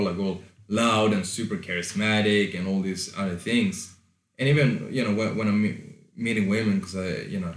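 A man's voice: on the low side, reverberant. A man talking loosely as a podcast host, giving advice with fillers, restarts and the odd swear word. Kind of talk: casual advice monologue.

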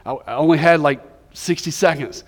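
A man in his forties preaching a sermon as pastor, moving between loud emphatic lines and hushed, near-whispered prayer. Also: fairly high pitch, normal speed, long reverb tail. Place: church sanctuary.

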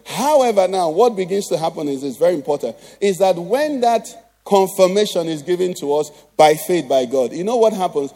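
A man's voice: high voice, lively intonation, normal speed, dark tone. A Nigerian man preaching a sermon as pastor, tossing rhetorical questions at the congregation.

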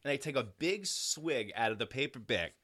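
A man's voice: medium pitch, normal speed, dry recording. A man casually telling a long, profane story, slipping into other people's voices as he goes. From New York area. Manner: rambling, profane, animated anecdote with quoted voices. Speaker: podcast storyteller.

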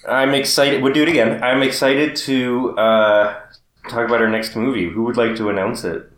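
A man co-hosting a casual podcast chat, talking in an easygoing, relaxed way. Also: mid-range voice, moderate pace, reverberant, rough recording. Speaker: podcast co-host.

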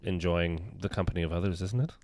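A man's voice: low voice, fast, a little mellow, no echo. A man co-hosting a casual podcast, joking and mocking himself in banter. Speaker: podcast co-host. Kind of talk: casual chat.

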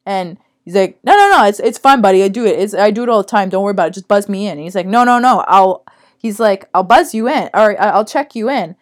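A woman's voice: mid-range voice, fast talker. A young woman co-hosting a podcast, telling stories in casual chat, swearing and acting out what others said. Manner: animated, profane, acts out quotes. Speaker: podcast co-host.

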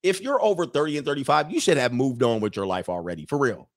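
A man's voice: medium pitch, big pitch swings, fast. Mocking, profane man in a comic rant. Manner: reads out viewer comments. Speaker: live show host. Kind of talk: casual comedic monologue.

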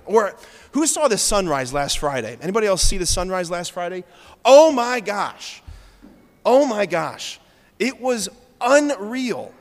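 Male priest, fairly high voice, casual but earnest homily style, long church echo. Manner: conversational, earnest preaching with frequent "like". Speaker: Catholic priest. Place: large church.

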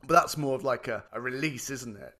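A man's voice: medium pitch, a little fast, bright, forceful tone. A man co-hosting a podcast, chatting about films animatedly and swearing freely. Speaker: podcast co-host. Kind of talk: casual film chat.

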